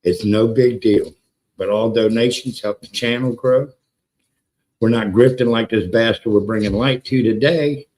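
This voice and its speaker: A man hosts a casual livestream from a home setup, cursing freely and hyping things up. He greets chatters by name, repeats words for emphasis, and talks at an ordinary middle pitch. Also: a little slow, a little mellow, poor audio. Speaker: livestream host. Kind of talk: casual live-stream chat with viewers.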